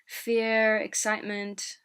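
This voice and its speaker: Woman host asking gentle questions. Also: a little high, completely flat delivery, slow, clear, resonant tone. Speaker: podcast host. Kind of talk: interviewing in casual chat.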